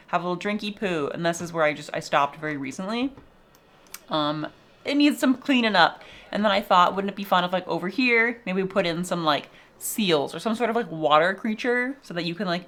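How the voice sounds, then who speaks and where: A young woman vlogger shows off her zoo game in casual gameplay chat, swearing and laughing often. Her voice is on the low side and fairly bright, with lively intonation and a brisk pace.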